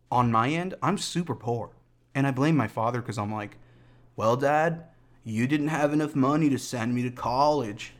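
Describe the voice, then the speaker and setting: A young adult man hosting a casual solo podcast, rambling through tangents in a joking, self-deprecating way. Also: mid-range voice. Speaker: podcast host.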